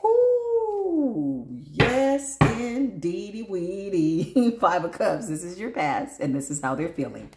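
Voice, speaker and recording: Woman, tarot reader, laughing, chatty, swooping pitch, echoey room. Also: slow pace, hardly any pauses, over music. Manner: animated, laughing often, big pitch swings, talks to spirit and viewers. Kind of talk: casual tarot reading.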